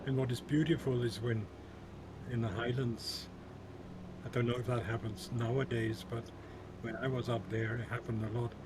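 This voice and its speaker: An older man in casual chat, calmly explaining and reminiscing. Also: mid-range voice, normal speed. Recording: clear background noise.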